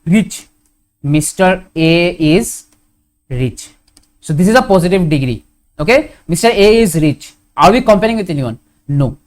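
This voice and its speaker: A man with an Indian English accent teaching a grammar lesson, going slowly and repeating his examples, often asking a question and then answering it himself. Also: high voice, lively intonation. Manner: slow, repetitive, asks questions and answers them.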